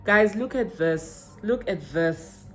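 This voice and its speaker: A woman's voice: mid-range voice, slow, soft background music. Chatty South African woman vlogger. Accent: South African, Zulu-inflected English. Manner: chatty, mixes in Zulu words, bursts up in excitement. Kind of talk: casual haul unboxing chat. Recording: roomy echo with faint ambience.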